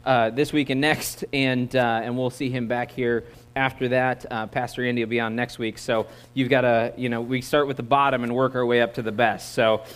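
A man's voice: mid-range voice, level tone, moderate pace, hardly any pauses, smooth. An American man preaching a sermon as a guest preacher. He talks in a conversational, joking way and draws the congregation in. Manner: conversational, joking, audience-engaging. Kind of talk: sermon with opening prayer.

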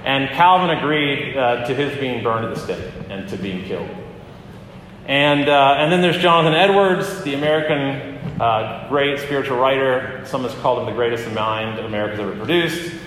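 A pastor giving a conversational sermon, often pausing with fillers and restarting his phrases. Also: mid-range voice, fairly bright tone, a little hiss or hum. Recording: echoey hall with long reverb.

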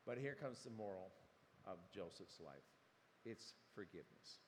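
A man's voice: sits low, expressive, normal speed. A man preaching a sermon, retelling the story animatedly and acting out quotes. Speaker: pastor. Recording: long hall reverb, faint room noise.

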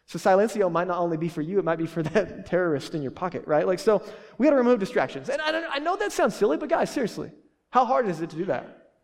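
Male pastor, chatty and joking, many restarts; fairly high voice, reverberant church hall. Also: animated, fast talker. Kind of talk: sermon.

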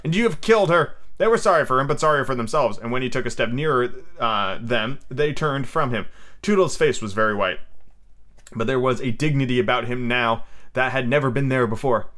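Laid-back male podcaster reading a book aloud, irreverent, mid-pitched. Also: a little fast, a bit bright. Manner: irreverent, swears casually. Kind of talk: casual storybook reading.

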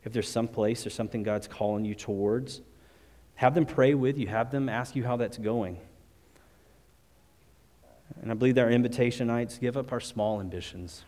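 A man's voice: mid-range voice, moderate pace, pauses often, darkish tone. A man preaching a sermon at a church service and closing in prayer. He talks in an earnest, conversational way, often restarting his sentences. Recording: long reverb of a large hall.

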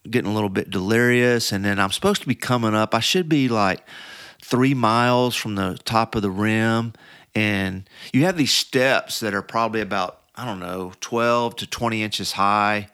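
A middle-aged man speaks in a lowish, smooth, clear voice, recorded dry and close. He tells his story casually and rambles, full of fillers and restarts. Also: normal speed, a bit bright, dry recording. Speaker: podcast guest.

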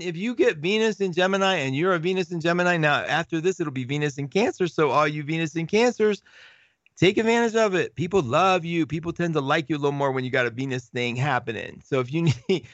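A middle-aged man hosts a casual live chat, answering viewer comments and drifting into stories. His gravelly voice sounds dry and close. The recording is dull and lo-fi. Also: medium pitch, dry recording. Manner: animated, rambling with restarts and laughs. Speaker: livestream host reading viewer comments.

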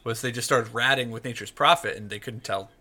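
A man's voice: medium pitch, brisk, bright, forceful tone. A man co-hosting a podcast in casual chat, rambling along with lots of "like" fillers. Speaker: podcast co-host.

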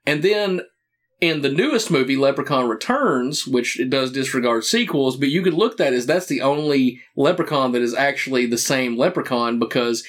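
A man's voice: medium pitch, expressive, moderate pace. A man co-hosting a casual movie commentary chat, laughing often and restarting his sentences as he talks.

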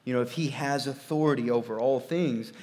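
A man preaching a sermon as pastor, swinging from quiet, low asides to loud, emphatic peaks. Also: fairly quick. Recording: long reverb of a large hall.

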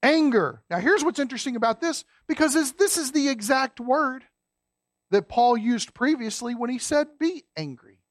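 A man preaching a sermon as a pastor, folksy and emphatic, dropping low and quiet to stress a point. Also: lively intonation, moderate pace, no room sound, studio quality.

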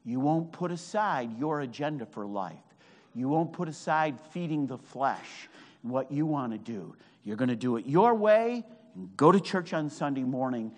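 A man preaching a fervent sermon at a camp, swinging from hushed words to shouted, drawn-out emphasis. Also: medium pitch, expressive. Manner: draws out key phrases slowly. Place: meeting hall at a camp. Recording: long hall reverb.

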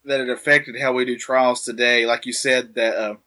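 A man's voice: mid-range voice, little pitch movement, normal speed, bright, forceful tone. A man co-hosting a casual history podcast, explaining events in an earnest way.

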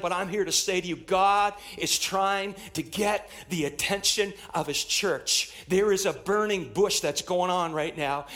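A man with a notably high voice preaches a sermon to his congregation. He delivers it emphatically, repeating key phrases and building in intensity as he goes. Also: a bit bright. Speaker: pastor. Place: church.

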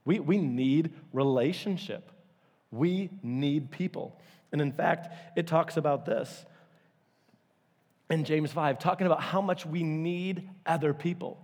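Animated male pastor in a reverberant hall. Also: unhurried. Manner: animated storytelling, acting out quotes with big pitch jumps. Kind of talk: sermon. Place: church auditorium.

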